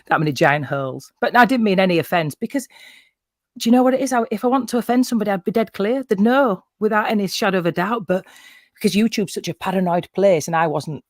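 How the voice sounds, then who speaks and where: A man's voice: high-pitched, quick pace, no echo, studio quality. Sweary Yorkshire man, laughing. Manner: sweary, laughing, self-mocking. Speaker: guest on a livestream panel. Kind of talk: casual chat.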